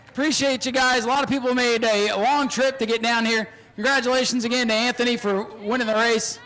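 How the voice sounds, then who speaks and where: Recorded at a loud outdoor racetrack, this male announcer covers a live race and chats with drivers, yelling excitedly while cars run and joking in between. He talks fairly fast in a very high voice.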